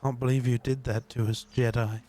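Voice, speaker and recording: A man streaming a game live, joking and bantering loudly with his co-player. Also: mid-range voice, level tone, fairly quick. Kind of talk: casual gaming stream chat.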